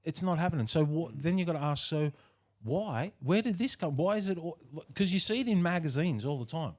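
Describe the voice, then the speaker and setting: Wry rambling Australian man, higher voice. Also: lively intonation, fairly quick. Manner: rambling, wry, musing aloud. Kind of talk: casual podcast banter.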